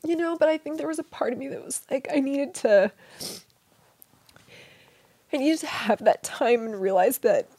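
A middle-aged woman with a slightly high voice tells a deeply personal story. She speaks softly and haltingly, restarting often and slipping into whispers. The sound is dry and close. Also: dry recording. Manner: soft, halting, with many restarts and whispered moments. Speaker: guest.

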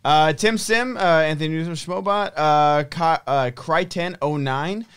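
A man's voice: on the high side, a little slow, a bit bright, clean tone, no echo. A man hosting, reading listener messages aloud with some hesitations in a casual chat. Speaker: host reading viewer questions.

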